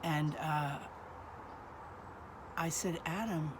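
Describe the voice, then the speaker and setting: A woman in her sixties casually telling a family story, halting often with ums and uhs. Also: deep voice, fairly even intonation, fairly bright tone, a little hiss or hum.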